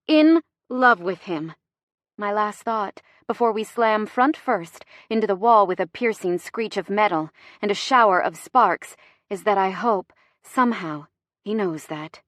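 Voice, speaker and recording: A woman giving an expressive, dramatic first-person reading of a romance audiobook. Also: medium pitch, measured pace, no echo, clean studio sound. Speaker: audiobook narrator.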